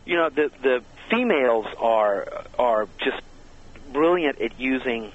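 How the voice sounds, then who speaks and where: A man from Georgia, guest on a show, telling stories in a lively way over the phone, with many false starts. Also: mid-range voice, takes it slowly. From Georgia, USA. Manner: animated, lively storyteller with many restarts. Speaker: guest, sound effects expert. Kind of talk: interview chat. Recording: dull phone line.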